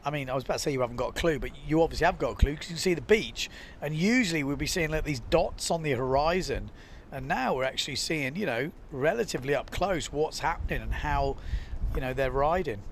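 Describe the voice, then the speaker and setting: A man's voice: on the high side, lively intonation, fast, a little hiss or hum. A young adult man giving live windsurfing commentary, chatty and loose, often using filler phrases and reading out viewer comments. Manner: chatty, reads viewer comments, frequent "you know" fillers.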